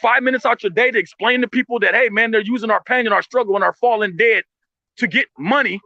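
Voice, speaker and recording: A man's voice: very high-pitched, fast, creaky, sharp tone, dry recording, lo-fi sound. A man speaking in heated, blunt commentary, profane and impassioned, often restarting his sentences.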